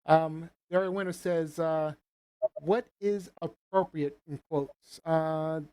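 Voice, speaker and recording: A woman's voice: deep voice, fairly even intonation, slow pace, mellow. A woman hosting a live panel show, thinking aloud with questions and reading out viewer comments. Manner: questioning, hesitant, many fillers and restarts.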